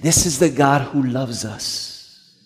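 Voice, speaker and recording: A man's voice: mid-range voice, slow pace, big-room sound. A male pastor telling a story in a sermon, earnest, with frequent stumbling restarts.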